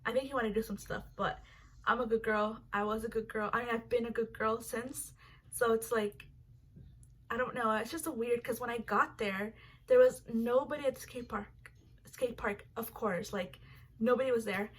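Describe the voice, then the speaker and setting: A woman's voice: fairly high pitch, fairly even intonation, normal speed, slightly rough. Rambling young woman, swearing storyteller. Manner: rambling, heavy filler words and swearing. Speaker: vlogger telling a story. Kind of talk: casual storytime monologue.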